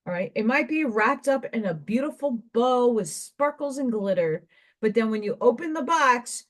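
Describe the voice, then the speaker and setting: A woman's voice: on the high side, lively intonation, normal speed. A woman giving a spiritual card reader's monologue to her viewers, meandering and conversational and thinking aloud with asides.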